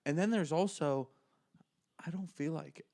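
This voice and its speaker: A man's voice: fairly high pitch, moderate pace, gravelly. A man co-hosting a podcast, telling stories in casual chat and acting out what others said. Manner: animated storyteller, acts out quotes with laughs. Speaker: podcast co-host.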